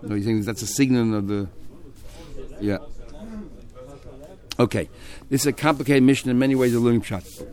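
Animated man teaching a text class. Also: mid-range voice, normal speed, pauses often. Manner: animated, acting out the speakers he quotes.

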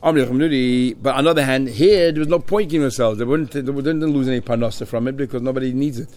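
A man leads a Talmud class at a quick clip, reading out Hebrew and Aramaic lines and translating them into as he goes. His voice sits at an ordinary middle pitch. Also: darkish tone. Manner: reads Hebrew and Aramaic phrases then explains in English. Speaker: Talmud teacher.

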